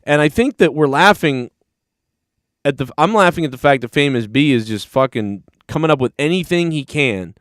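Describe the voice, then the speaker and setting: A man's voice: a little high, expressive, normal speed, fairly bright tone, no echo, studio quality. A man hosting a live stream, recapping a clip in a rambling, profane, casual way. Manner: rambling, profane, talks over replayed clips. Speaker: stream host.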